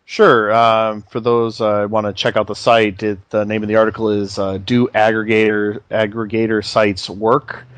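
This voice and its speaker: A man's voice: fairly low pitch, flat delivery, normal speed, few pauses, no room sound. A man co-hosting a casual gaming podcast, explaining things in an easygoing way with many fillers. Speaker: podcast co-host.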